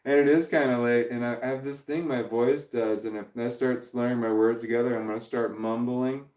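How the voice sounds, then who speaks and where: A man's voice: medium pitch, fairly even intonation, brisk, a little mellow. A man hosting a casual live stream, rambling as he reads chat messages aloud and laughs often, his voice prone to cracking when tired. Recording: echoey room, distant from the mic.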